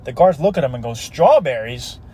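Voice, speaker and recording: A man's voice: fairly high pitch, fast. A man telling comic stories in a casual way and putting on voices for the people in them. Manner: casual storytelling with put-on voices. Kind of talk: telling a joke story.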